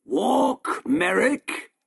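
Man doing a raised-pitch, gravelly showman shopkeeper, fawning and pushy, for a storybook reading. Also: wildly swooping pitch, slow pace, heavily acted. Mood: impatient.

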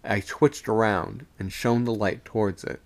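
Male storyteller for a spooky livestream reading, low gravelly tone, measured pacing. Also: fairly even intonation. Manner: slow, deliberate, suspenseful reading. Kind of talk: reading a ghost story aloud.

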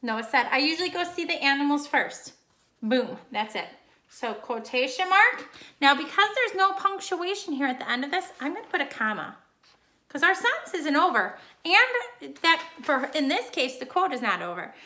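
A woman's voice: high-pitched, big pitch swings, moderate pace, sharp tone. A woman teacher giving a recorded online grammar lesson, explaining patiently step by step.

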